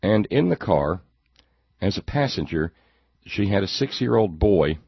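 Low husky sarcastic male host. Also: expressive, unhurried, dry recording, lo-fi sound. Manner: sarcastic, rambling, repeats words while searching. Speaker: talk show host. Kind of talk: political commentary monologue.

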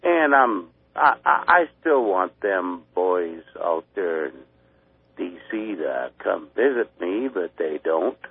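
An older man calling into a radio show, gruff and blunt. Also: deep voice, big pitch swings, takes it slowly. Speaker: caller. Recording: tinny phone line.

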